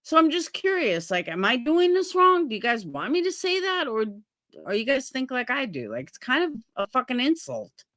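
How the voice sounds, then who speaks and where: A woman's voice: high voice, very animated, normal speed, fairly bright tone, no room sound, clean studio sound. Blunt, profane woman streamer. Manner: blunt, profane, rhetorical questions. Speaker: livestream host. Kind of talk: casual livestream commentary.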